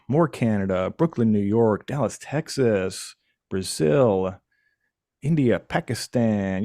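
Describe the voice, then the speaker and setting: A man from Michigan hosting a live stream, chatting casually and jokingly with the audience and pausing often on fillers. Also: lowish voice, dark tone, dry recording, studio quality. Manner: playful, jokey, chatty with frequent fillers. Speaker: livestream host.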